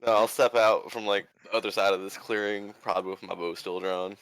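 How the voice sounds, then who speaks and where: A low-voiced man plays in a tabletop game, hesitant and restarting as he works out his move. The sound is dry and close. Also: steady tone, brisk, fairly bright tone, smooth, dry recording. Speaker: player. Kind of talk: casual game chat.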